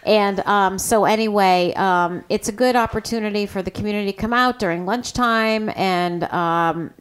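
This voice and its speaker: A woman's voice: medium pitch, normal speed, clean tone. A woman co-hosting a radio talk show, bubbly and enthusiastic, rambling with fillers. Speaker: radio co-host. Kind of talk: casual radio chat. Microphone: studio microphone.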